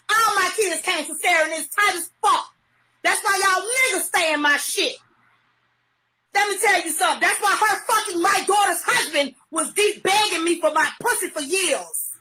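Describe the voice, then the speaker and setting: Shrill bright-voiced woman going off on a livestream, cussing and yelling. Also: a little hiss or hum. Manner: profane, heated, often shouting. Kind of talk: angry live-stream rant.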